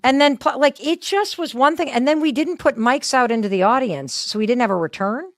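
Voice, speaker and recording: A woman in her fifties, telling stories in a casual chat in an animated, self-deprecating way and acting out what people said. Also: high-pitched, a little fast, no room sound. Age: 50s. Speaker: guest.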